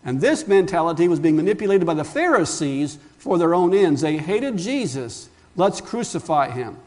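A man with a notably high voice delivers a sermon as a pastor. He preaches with emphasis, throws rhetorical questions at his listeners and calls them friends. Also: big pitch swings, moderate pace, darkish tone.

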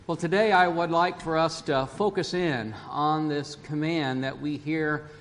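Slow-speaking male pastor preaching. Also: a little high, slight background noise. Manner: conversational, chuckles often, restarts words. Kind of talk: sermon with scripture reading.

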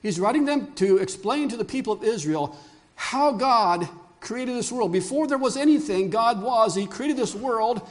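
A high, bright-pitched older man delivers a sermon. He tells stories with animation and keeps asking his listeners questions. He speaks as a pastor before a congregation in church. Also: normal speed. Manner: animated storyteller who asks the congregation questions.

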